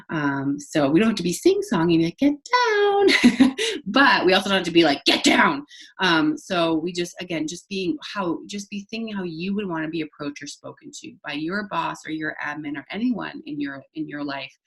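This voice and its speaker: A woman giving a recorded training talk to childcare staff, speaking conversationally to the camera with many fillers and restarts. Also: deep voice. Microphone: facing the camera.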